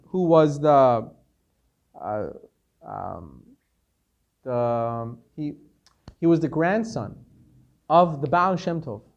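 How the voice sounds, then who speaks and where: A man, a rabbi, giving an earnest sermon-style talk, telling a story and building to emphatic peaks before dropping quiet. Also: high voice.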